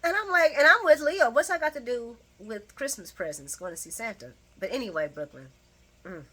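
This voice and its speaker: A chatty woman recaps a soap opera episode in a loose, casual way, throwing in sassy asides and laughing often. Her voice is bright and fairly high. Her pitch leaps up and down in a very animated way. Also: fairly quick, slightly rough. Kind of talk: casual chat.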